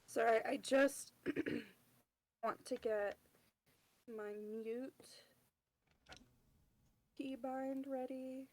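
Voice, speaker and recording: A woman's voice: high-pitched, steady tone, drawn-out words, long pauses, darkish tone. A woman with asthma acting up, chatting casually on a voice call as she sets up a tabletop game as its game master.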